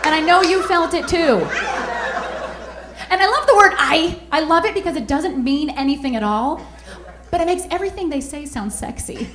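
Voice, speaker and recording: Female stand-up comic, high animated voice, teasing punchline delivery, roomy sound. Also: moderate pace, very noisy. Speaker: stand-up comedian. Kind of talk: stand-up routine.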